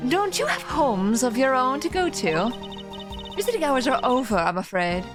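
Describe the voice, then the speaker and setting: A woman voicing a condescending female prison warden with a drawn-out, sing-song put-on accent. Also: high-pitched, big pitch swings, over music, pitched above the performer's own voice. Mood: patronizing.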